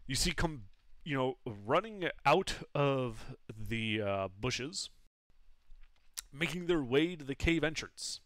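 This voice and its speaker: A man's voice: mid-range voice, lively intonation, slow, a bit bright, no echo. A man narrating as game master of a tabletop game, talking casually and explaining rules with fillers.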